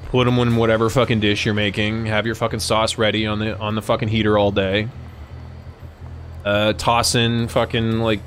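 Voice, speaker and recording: A man's voice: lowish voice, fairly bright tone. A young man chatting casually and profanely with his live-stream chat, rambling and joking. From United States.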